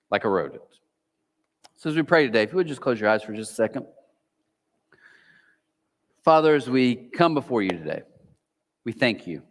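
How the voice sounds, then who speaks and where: A man preaching a sermon as pastor, animated, sometimes acting out a whispering inner voice. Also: medium pitch. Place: large church auditorium. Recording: long hall reverb.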